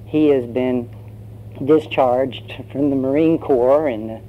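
A man's voice: medium pitch, steady tone, slow pace. Male pastor, conversational storytelling sermon; muffled recording, faint hum. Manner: conversational storytelling with fillers and acted voices.

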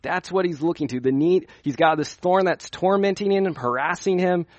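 A man's voice: high voice, normal speed, no room sound. A young man preaching at a youth conference in a conversational way, asking his listeners questions as he teaches. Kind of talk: sermon.

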